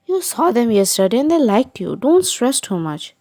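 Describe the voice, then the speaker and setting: A woman voicing a calm, reassuring young man speaking softly to his partner. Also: fairly high pitch, moderate pace, voice pushed up. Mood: gentle.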